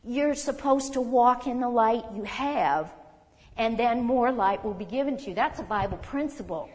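Woman preacher, fairly high voice, conversational and emphatic, long hall reverb. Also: a little mellow. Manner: conversational, emphatic, with quick asides and self-corrections. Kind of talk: sermon. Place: church hall.

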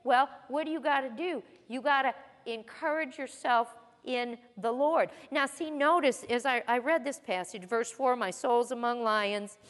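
A woman with a fairly high voice teaches from the Bible in a church hall. She speaks in a folksy, conversational way, moving between scripture and homespun stories. Her voice carries a long hall reverb. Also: moderate pace. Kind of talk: sermon-style Bible teaching.

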